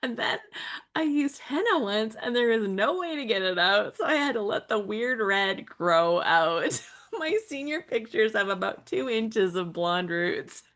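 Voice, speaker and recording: A woman with a Western Canadian accent co-hosting a live crafting stream, chatty and quick to laugh. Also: medium pitch, animated, fairly bright tone. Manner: giggly, chatty, laughs often. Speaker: co-host of a live scrapbooking stream. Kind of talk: casual chat.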